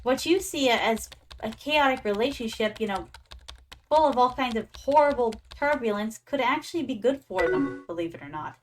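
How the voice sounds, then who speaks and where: Playful young woman streamer, slightly high. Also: animated, moderate pace, soft background music. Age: young adult. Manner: playful and chatty, calls viewers "my darlings". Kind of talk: casual gaming stream chat.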